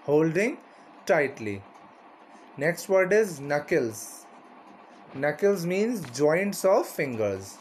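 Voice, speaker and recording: A man's voice: on the high side, very animated, slow pace, darkish tone, a little hiss or hum. A man teaching a vocabulary lesson, repeating each word and its meaning and often asking "right?".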